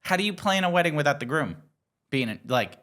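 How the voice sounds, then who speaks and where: A woman's voice: low-pitched, sing-song, quick pace, fairly bright tone. A woman podcast co-host with a Long Island accent, chatting casually, swearing freely and telling stories with animation. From Long Island, New York. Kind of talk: casual chat.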